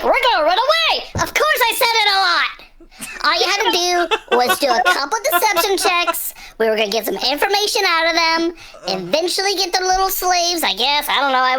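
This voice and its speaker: A woman playing a tabletop game in character, bossy and exasperated in quick banter. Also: very high voice, sharp tone, slight background noise. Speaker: player. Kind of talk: casual tabletop play, in character.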